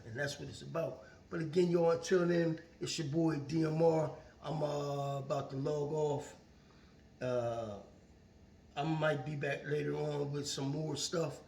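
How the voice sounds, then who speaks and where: A man's voice: fairly high pitch, gravelly, a little hiss or hum. Earnest preachy man in a roomy echo. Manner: earnest and preachy, repeats phrases. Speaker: vlogger. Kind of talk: casual motivational monologue. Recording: roomy echo, far from the mic.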